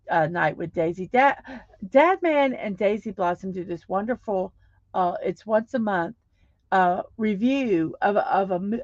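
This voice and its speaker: A woman's voice: mid-range voice, no room sound. A woman hosting a casual livestream, chatting loosely and reading viewer comments, with lots of restarts. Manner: rambling, warm thanks, frequent restarts. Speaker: livestream host. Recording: dry, slightly dull livestream audio.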